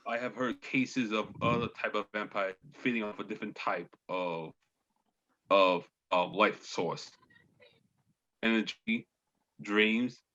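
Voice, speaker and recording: Hesitant, rambling male player, low voice with a sharp edge; dull lo-fi sound. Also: fairly even intonation, slow. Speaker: tabletop game player. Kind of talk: casual game chat.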